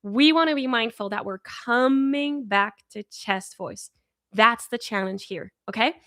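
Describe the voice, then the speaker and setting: A woman leading a live-streamed singing warm-up as a vocal coach, encouraging and upbeat, praising her viewers often. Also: on the high side, unhurried, dry recording, clean studio sound. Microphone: in front of her own camera.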